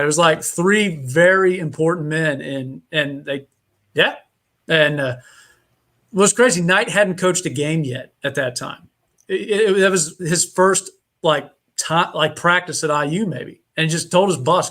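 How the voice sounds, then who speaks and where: A man from Indiana chats as a guest on a remote podcast call. His voice sits a bit high, and he rambles through a story with lots of fillers and restarts. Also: normal speed, fairly bright tone. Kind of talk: casual chat, storytelling.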